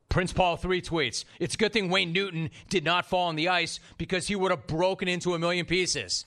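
A man's voice: high voice, steady tone, normal speed, hardly any pauses, sharp tone. A man in his forties hosting a sports talk show, telling stories brashly and acting out his friends' voices. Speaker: radio sports talk host. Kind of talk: animated sports talk monologue.

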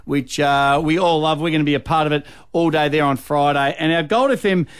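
A man's voice: fairly high pitch, a little fast, clean tone. A man co-hosting breakfast radio, reading event plugs in a chatty, filler-heavy way. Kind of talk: casual radio announcing. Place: radio studio.

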